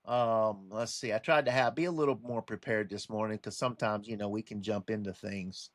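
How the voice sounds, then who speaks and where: A man's voice: on the low side, steady tone, fairly quick, no room sound, clean studio sound. A man delivering a rambling casual monologue for his online channel, full of restarts and a warning tone. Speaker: religious commentary vlogger.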